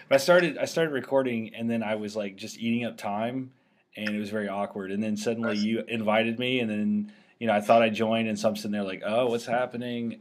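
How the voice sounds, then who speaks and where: Low-voiced man rambling through a tech show. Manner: rambling with many fillers and restarts. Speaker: host. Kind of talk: casual screen-recorded tech chat.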